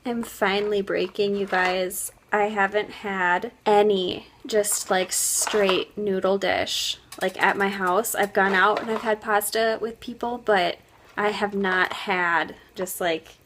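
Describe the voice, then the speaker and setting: A woman's voice: medium pitch, steady tone, slow pace, fairly bright tone, a little hiss or hum. Gushing young woman vlogging at home. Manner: gushing, heartfelt, heavy use of "like". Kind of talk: casual vlog chat.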